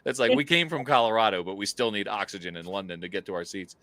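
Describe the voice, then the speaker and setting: A man co-hosting a podcast, telling a travel story in a casual, animated way, full of fillers and laughs. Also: on the low side, fast, no room sound. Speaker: podcast co-host.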